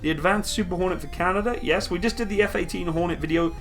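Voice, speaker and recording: A man's voice: high voice, fast, gravelly, a bit bright, faint music behind. A man hosting a casual live stream from a room at home, reading viewer comments aloud and answering them upbeat.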